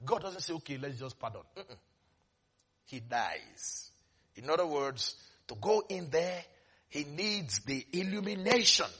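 A man preaching a sermon with lots of energy, dropping into soft asides, then rising to shouts, and laughing often as he speaks. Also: high-pitched, slightly rough. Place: church service.

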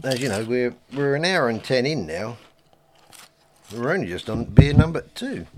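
A man co-hosting a podcast, chatting casually and bantering over crisps and beer. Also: medium pitch, normal speed, a little hiss or hum. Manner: chatty, lively, banter-filled. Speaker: podcast co-host.

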